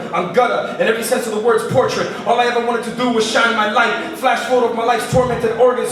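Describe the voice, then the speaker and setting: Young male spoken word poet, 20s, from New York City with Dominican roots, emphatic and rhythmic delivery, heard in a very roomy space. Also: very high voice. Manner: rhythmic, emphatic, repeating and clipping words for effect. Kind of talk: spoken word poetry performance. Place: large college performance room. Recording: echoey hall recorded from far off.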